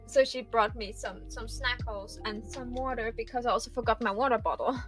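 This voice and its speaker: A woman chats loosely on a live stream, circling back and padding her sentences with fillers. Her voice sits a little high for a woman, and faint lo-fi music plays underneath. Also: fairly quick. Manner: rambling, many fillers and restarts. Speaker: guest streamer. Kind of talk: casual stream chat.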